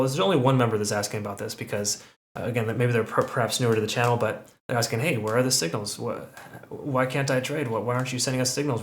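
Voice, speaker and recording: A man walking through crypto price charts in a conversational way, often checking in with "okay" and "right?". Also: medium pitch. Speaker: crypto market analyst. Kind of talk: chart analysis commentary. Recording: roomy echo.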